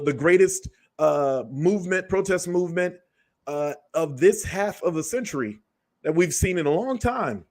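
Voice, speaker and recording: A man hosting a show, delivering a blunt, profane commentary monologue. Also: a little high. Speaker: show host.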